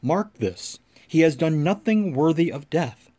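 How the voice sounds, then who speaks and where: A man's voice: a little high, lively intonation, unhurried, mellow. A man reading the lines of a male Roman governor who keeps pleading and questioning. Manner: questioning, insistent.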